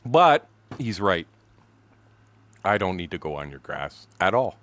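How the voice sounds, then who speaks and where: A man's voice: deep voice, sing-song, a little slow, fairly bright tone. A man in his sixties from Canada, telling a story during a game stream in a blunt, profane, laughing way. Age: 60s. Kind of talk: casual storytelling chat.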